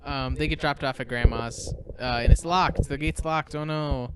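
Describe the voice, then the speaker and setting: A young man talks through a film plot at his own loose pace, with plenty of filler and cursing. He drops into quick mock voices for the characters. His voice sits in an ordinary middle pitch. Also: fairly even intonation, background noise. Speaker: podcast co-host. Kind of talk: casual movie recap chat.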